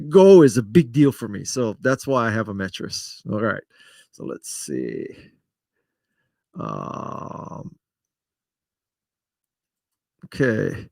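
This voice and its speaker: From a home studio setup in front of a camera, a middle-aged man hosts a live stream in a mid-range voice with no room sound. He chats casually and pokes fun at himself while answering viewers by name.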